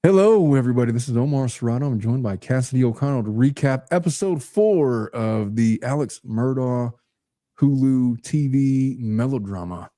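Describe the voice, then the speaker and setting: Man, podcast co-host, mellow warm voice, dry close sound, joking casual chat. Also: medium pitch, normal speed, no echo. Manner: jokey, animated storytelling with put-on quotes.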